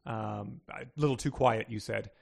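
A man's voice: on the low side, normal speed, gravelly, darkish tone. A man hosting a quiz, reading story passages aloud and chatting casually. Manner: plain storybook reading, chuckles. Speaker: quiz host.

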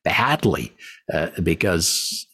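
A man's voice: low-pitched, big pitch swings, takes it slowly, pushed and bright, slightly rough. A middle-aged man hosting an interview, speaking emphatically and often stumbling over repeated words. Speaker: podcast host. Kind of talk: interview conversation.

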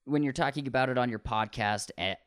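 A man's voice: mid-range voice, fairly quick, fairly bright tone, no room sound, clean studio sound. A man chatting casually on a podcast, loose and swearing a lot. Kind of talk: casual chat.

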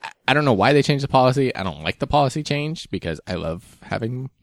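A man's voice: mid-range voice, fast talker, no echo, studio quality. A young man co-hosting a podcast, talking casually about running with fillers and easy laughs. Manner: relaxed, chatty, with fillers and laughs. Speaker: podcast co-host. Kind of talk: casual chat.

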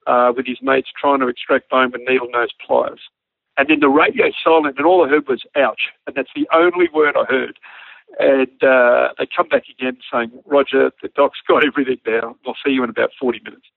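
A man with an Australian accent tells a story the way he would to friends, slipping into crisp radio-call voices and breaking into laughter. His voice is gravelly and sits at a middle pitch. It comes through a narrow, phone-like line that sounds dry and close. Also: no echo. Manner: animated storyteller acting out radio calls, laughing often. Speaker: former army helicopter pilot telling a story. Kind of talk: casual anecdote.

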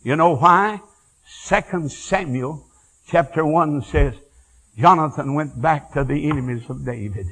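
An older man preaching a fiery revival sermon, moving from quiet storytelling to shouted praise. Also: on the high side, measured pace, low-quality recording. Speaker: evangelist.

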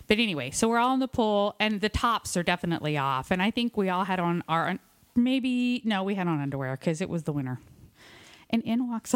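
A woman's voice: fairly low pitch, dry recording. A woman co-hosting a radio show, candidly telling a bawdy story in a casual way and laughing often.

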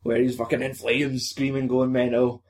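A man's voice: medium pitch, little pitch movement, normal speed, a little mellow. A young man, casually recapping a film in a rambling, sweary way with frequent laughs.

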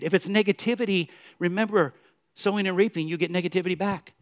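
A male pastor preaching a sermon in church, swinging from loud emphatic declarations to hushed, soft questions. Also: high-pitched, quick pace.

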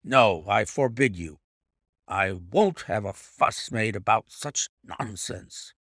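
Man doing a gruff, stubborn old gentleman. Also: lowish voice, expressive, slow, dry recording, clean studio sound, pitched below the performer's own voice, exaggerated voice. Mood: dismissive. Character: obstinate, blustering older English gentleman.

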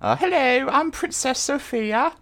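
A prim poster in a put-on British accent, as a woman acts her out, high and swooping. She reads slowly, with a theatrical lilt that makes every claim sound grand. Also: animated, a bit bright. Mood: mock-serious. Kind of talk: comedic reading of a post aloud.

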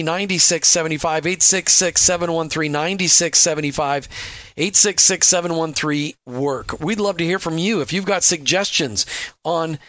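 A man's voice: fairly high pitch, bright, forceful tone, no echo. Upbeat Christian radio host man. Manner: upbeat, jokey, promotional. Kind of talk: Christian talk radio hosting.

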